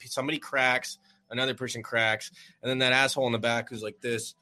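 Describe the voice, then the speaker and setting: A man's voice: mid-range voice, steady tone, fairly quick, sharp tone. A man co-hosting a casual podcast chat about booking comedy shows, rambling with lots of filler words and frequent laughter. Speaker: comedy show producer and co-host.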